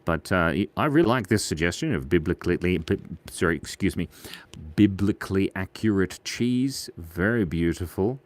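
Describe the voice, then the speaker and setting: A man hosts a live drawing stream, talking playfully and goofily to his chat while sketching viewers' suggestions. His voice sits low, with lively intonation at a normal speed.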